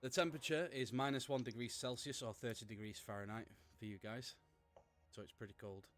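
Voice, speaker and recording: A man's voice: mid-range voice, fairly even intonation, a little fast, soft background music. A man narrating as game master, rambling and correcting himself as he goes.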